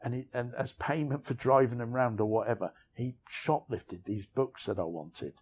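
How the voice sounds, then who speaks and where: A middle-aged author, interviewed outside on city streets, rambles candidly about his past in a frank, self-deprecating way, sprinkling in "you know what I mean." His mid-range voice has a darkish tone and a breathy edge, moving at a moderate pace.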